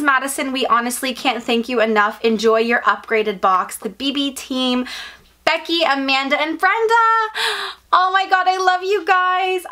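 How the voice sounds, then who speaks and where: Bubbly high-voiced woman gushing over an unboxing. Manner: gushing, gasping, breathless excitement. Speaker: unboxing vlogger. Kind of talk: excited unboxing chat.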